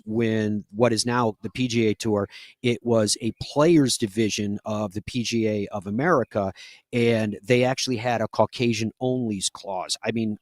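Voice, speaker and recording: A man's voice: on the low side, no room sound. A man hosting a live golf talk show, telling stories in an earnest, conversational way with frequent fillers.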